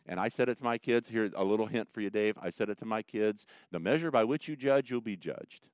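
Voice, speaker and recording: A middle-aged male pastor giving a conversational sermon, swinging from loud emphatic bursts down to soft, quiet asides. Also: on the low side, fairly quick, clear, resonant tone, no room sound, studio quality.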